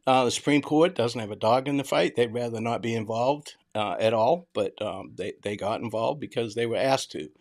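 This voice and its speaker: A man's voice: medium pitch, normal speed, hardly any pauses. A retired man with a Boston accent who drops his R's, hosting a live stream in a chatty way and greeting viewers by name. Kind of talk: casual live-stream commentary.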